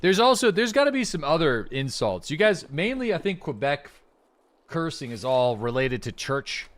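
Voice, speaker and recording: A man's voice: on the high side, very animated, moderate pace, a bit bright. A man from rural Prince Edward Island with a Prince Edward Island accent, rambling and swearing casually to his chat while he plays a game. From rural Prince Edward Island, Canada. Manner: rambling, swearing, self-described yapping. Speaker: game streamer.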